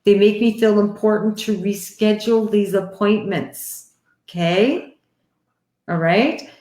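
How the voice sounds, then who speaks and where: A woman chats warmly into her live stream from home, calling her viewers honey and sweetheart. Her voice sits at an ordinary mid pitch. The room around her sounds noticeably echoey. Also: takes it slowly. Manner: chatty and affectionate, calls people honey and sweetheart. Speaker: livestream host giving psychic readings. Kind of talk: casual live-stream chat. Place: home, indoors. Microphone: headset or computer mic on a live stream.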